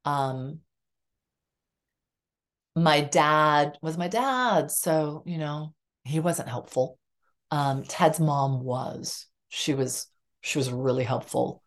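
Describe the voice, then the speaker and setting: Middle-aged woman, deep voice, earnest, emotional, candid personal story, casual fillers. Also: takes it slowly, pauses often. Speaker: guest psychotherapist.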